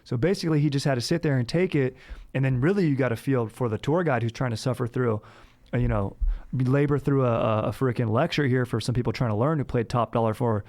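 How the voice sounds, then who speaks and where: A young man in a laid-back surfer-bro voice at a middling pitch, rambling through a comedy podcast monologue. He tacks "dude" onto nearly every sentence and stumbles over restarts and fillers. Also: quick pace, a little mellow. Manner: surfer-bro slang, says "dude" constantly. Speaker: podcast host.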